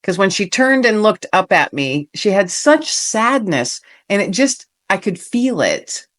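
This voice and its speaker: A woman's voice: medium pitch, very animated, unhurried. A middle-aged woman, a podcast guest, telling a personal story in an earnest, heartfelt way and acting out the lines people said. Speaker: podcast guest, author and veteran.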